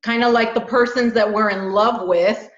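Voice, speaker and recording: A woman co-hosting a casual spiritual chat, talking in animated, explanatory bursts. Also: fairly high pitch, moderate pace. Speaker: co-host. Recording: echoey, dull lo-fi audio.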